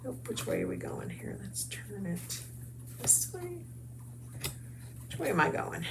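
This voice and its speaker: Slow-talking gravelly crafts host woman. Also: lowish voice, wildly swooping pitch, background noise. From United States. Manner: chatty, upbeat, talks to viewers while working. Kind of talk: casual crafting talk and promo.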